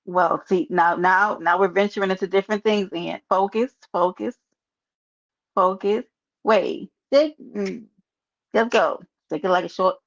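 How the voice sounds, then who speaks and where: New lady on a live stream, raspy fry in her voice, joking with chat, kinda dull lo-fi sound. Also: medium pitch, steady tone, a little slow. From New York. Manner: playful, joking, talks straight to her chat. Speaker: livestreamer. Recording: muffled lo-fi stream audio.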